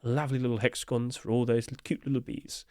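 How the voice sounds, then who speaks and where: A man's voice: mid-range voice, little pitch movement, fast, mellow, no room sound, clean studio sound. A man giving casual, upbeat commentary as he reviews game skins, chatting along with light chuckles.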